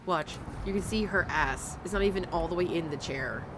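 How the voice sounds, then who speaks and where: A woman's voice: lowish voice, moderate pace, background noise. A woman giving blunt, mocking reaction commentary, swearing freely as she talks over a clip. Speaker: commentary host.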